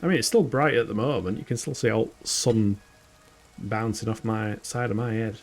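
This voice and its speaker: This northern English man from the UK talks through his game stream casually, poking fun at himself and laughing a lot. His voice is fairly low and moves at a moderate pace, with faint music in the background.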